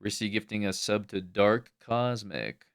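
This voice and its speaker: A man's voice: on the low side, measured pace, clean tone. A young adult man chatting casually on a livestream, rambling with lots of fillers. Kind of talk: casual stream chat.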